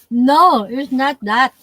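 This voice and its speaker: A middle-aged woman from the Philippines with a Filipino accent, hosting a casual live-stream chat in halting English full of restarts and fillers. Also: sits high, a bit bright, no echo.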